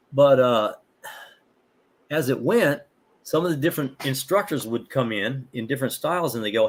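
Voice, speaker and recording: Rambling older man telling stories. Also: mid-range voice. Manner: rambling, animated, many fillers and restarts. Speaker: martial arts instructor, guest. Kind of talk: casual storytelling.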